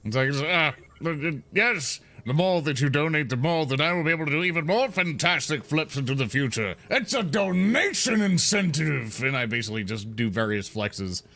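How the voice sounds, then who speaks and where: A man's voice: a little high, animated, moderate pace, creaky, hardly any pauses, pushed and bright. A man playing a tabletop role-playing game, playful and hammy. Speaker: player. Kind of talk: casual tabletop play.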